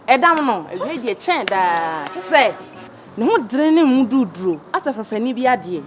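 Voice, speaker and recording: An actress with a Ghanaian accent playing a young woman friend who gossips quickly and exclaims in Twi. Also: fairly high pitch, very animated, soft background music. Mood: gossiping. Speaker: actress in a Kumawood film. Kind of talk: dramatic film dialogue.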